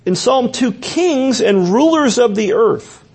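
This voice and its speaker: A man's voice: extremely high pitch, lively intonation, takes it slowly, a little mellow, breathy edge. A man preaching an expository sermon as a pastor, earnest and explanatory, often restarting his phrases.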